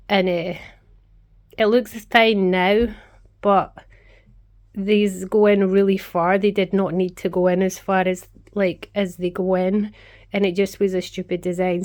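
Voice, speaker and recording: A woman's voice: mid-range voice, darkish tone. Chatty woman vlogging her craft studio. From Scotland. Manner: rambling, chatty, talks to her pets. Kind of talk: casual chatty vlog.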